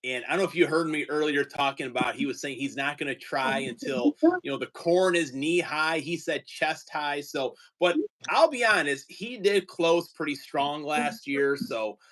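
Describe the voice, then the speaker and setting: Chatty man with a higher voice. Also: moderate pace, hardly any pauses, fairly bright tone. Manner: chatty, easygoing, rambling. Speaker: teacher and card-collecting stream host. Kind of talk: casual livestream chat.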